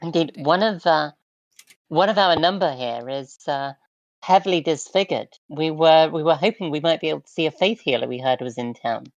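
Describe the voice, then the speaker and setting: A woman playing a tabletop game, dry and measured. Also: low-pitched, dry recording, muffled recording. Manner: dry, measured in-character speech. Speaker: player. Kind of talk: casual tabletop play.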